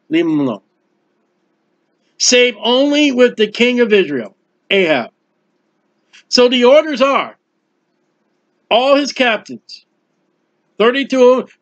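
A man preaching an expository Bible sermon, acting out the biblical characters and quoting scripture. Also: sits high. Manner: animated, acts out biblical characters, quotes scripture. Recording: dull lo-fi recording.

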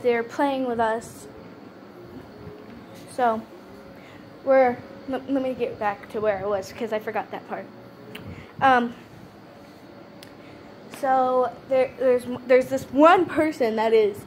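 A woman's voice: high voice, a little hiss or hum. A young woman vlogger telling a story in casual chat, with a stutter and many fillers and restarts.

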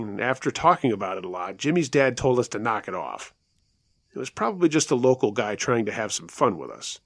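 A man narrating a scary campfire-style tale with a lively, rising and falling voice. He talks conversationally and slows down at tense moments. The sound is close and dry. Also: mid-range voice, dry recording. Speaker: storyteller, show host. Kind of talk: narrating a listener's true scary story.

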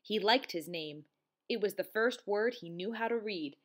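A woman teacher reading a children's storybook aloud, in an expressive, sing-song way. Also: medium pitch, normal speed.

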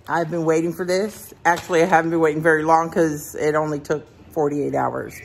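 A woman's voice: low-pitched, fairly even intonation, normal speed, vocal fry, few pauses, slight background noise. A woman hosting a casual unboxing vlog, playful and sing-song, chatting to her dogs as she goes. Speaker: vlog host.

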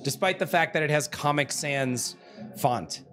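A man hosting a casual livestream, reading viewer comments aloud, chatty and self-deprecating and quick to laugh. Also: on the high side, music in the background. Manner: laughs easily. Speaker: livestream host. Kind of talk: casual stream chat.

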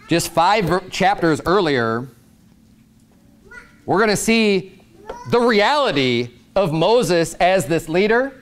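Male pastor, conversational sermon delivery with emphatic peaks, slightly high-pitched. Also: clean tone. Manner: conversational preaching, rising to emphatic.

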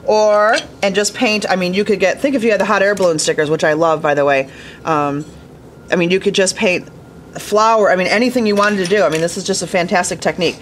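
A woman's voice: lowish voice, fairly quick, slight background noise. A woman teaching glass fusing in a casual hands-on tutorial, chatty and enthusiastic, talking straight to her viewers from a studio workshop.

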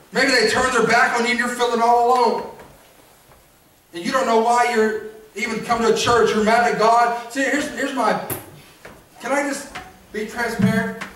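High-voiced male preacher, echoey church. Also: pushed and bright, distant mic. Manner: call-and-response, repeats phrases. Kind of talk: sermon. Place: church sanctuary.

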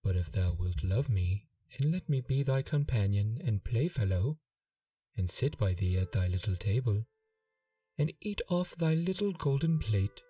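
A man voicing a male frog from a fairy tale, speaking slowly and calmly. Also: on the low side, far from the mic. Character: slow, calm male frog in a well.

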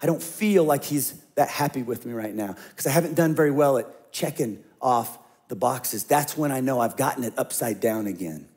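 A middle-aged man preaching a sermon as a pastor, talking conversationally and dropping to a hush when he tells stories. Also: medium pitch, moderate pace, hardly any pauses.

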